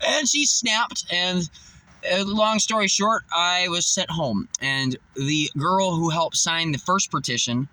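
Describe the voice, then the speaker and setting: Bright, rambling, profane man. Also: sits high, unhurried, poor audio. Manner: rambling and profane, with frequent laughs and restarts. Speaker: vlogger. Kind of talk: rambling storytelling to camera.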